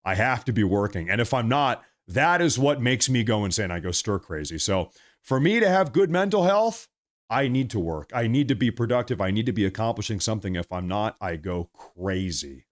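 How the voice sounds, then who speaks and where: A middle-aged man hosting a live stream, reading viewer messages and commenting in a casual, animated, repetitive way. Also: fairly low pitch, moderate pace. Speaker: livestream host reading super chats.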